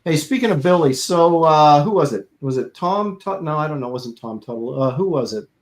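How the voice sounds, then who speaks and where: A middle-aged man who works as a comic artist co-hosts a podcast, telling stories in a rambling, casual way full of fillers and restarts. His voice is fairly high, animated, and brisk.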